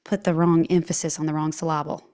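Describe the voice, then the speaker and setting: A woman's voice: low voice, level tone, quick pace, a little mellow. A woman with a Southern US twang, hosting a casual interview in a bubbly, gushing way. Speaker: podcast host.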